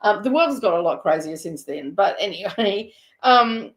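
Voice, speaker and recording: A woman with an Australian accent telling a funny story in a chatty, animated way, breaking into laughter. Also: medium pitch, normal speed. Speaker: host. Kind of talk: casual storytelling.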